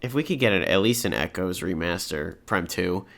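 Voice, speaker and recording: A man's voice: low-pitched, normal speed, gravelly, a crowd in the background. Chatty young man telling a gaming story. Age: young adult. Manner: chatty storyteller, animated, many "like" and "you know". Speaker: podcast co-host. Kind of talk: casual chat.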